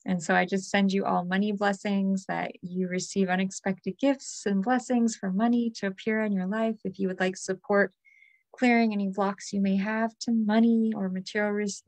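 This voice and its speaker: Soft-spoken woman guiding an energy release. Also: mid-range voice, vocal fry, no room sound. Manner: soft, invoking, repetitive. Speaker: energy healer. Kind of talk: guided energy release meditation.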